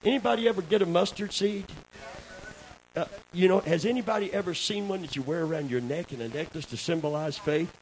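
High-voiced preacher with drawl. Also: male voice, fairly quick, low-quality recording. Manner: swings from low conversational asides to loud shouted peaks; calls for amens from the congregation. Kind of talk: sermon. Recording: faint hiss.

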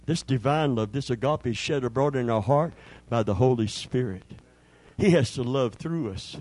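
A man preaching a sermon, asking for amens and swinging from loud shouting to quiet, low storytelling. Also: moderate pace, dry recording. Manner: preaching with call-and-response, rising to shouts then dropping low. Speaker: pastor.

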